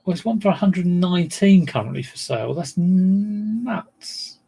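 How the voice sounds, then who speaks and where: A man's voice: high voice, animated, fast, gravelly, mellow, slightly rough. A middle-aged man chatting casually on a livestream as a reseller, rambling and self-deprecating.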